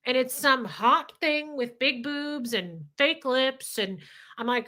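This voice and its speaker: A woman's voice: sits high, slow pace, bright, forceful tone. A woman hosting a livestream, talking candidly and emotionally, swearing freely as she reads viewer comments. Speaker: livestream host.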